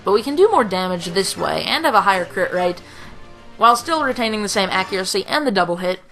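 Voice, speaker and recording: A young woman in her late teens with a slightly rough throat, giving dry, rambling, self-mocking commentary over a video game at home. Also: medium pitch, expressive, fast, a bit bright, faint music behind, low-quality recording. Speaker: let's play commentator. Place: home room.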